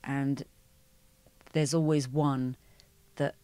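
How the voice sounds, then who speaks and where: Woman, middle-aged, low voice, dry close sound, chatty interview guest. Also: flat delivery, extremely slow, warm tone, no room sound. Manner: chatty storyteller, many "you know"s. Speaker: musical theatre performer, guest. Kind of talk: conversational interview.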